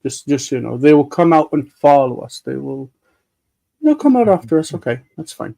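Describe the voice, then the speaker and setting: A man's voice: medium pitch, sing-song, moderate pace, creaky, dark tone, low-quality recording. A man hosting a live Bible-reading discussion, patiently explaining grammar with many fillers. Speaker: host and Hebrew teacher.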